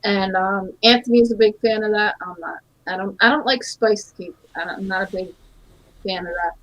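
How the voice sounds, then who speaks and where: A woman's voice: mid-range voice, normal speed, a bit bright, lo-fi sound. A woman in a casual chat, talking easily and passing on what others in the room say. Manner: chatty, relays what others say, laughs often.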